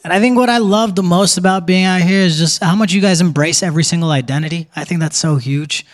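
A young man doing a stand-up set in a theater, chatty and quick, slipping into put-on voices for quotes. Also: sits high. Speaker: stand-up comedian. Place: theater stage before a live audience. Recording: live theater with crowd noise.

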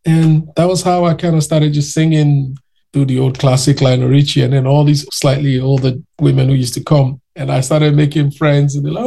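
Guy telling stories in an interview, gravelly voice, does little voices for people he quotes. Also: a little high, little pitch movement, normal speed, mellow. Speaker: interview guest. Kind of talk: casual anecdotal storytelling.

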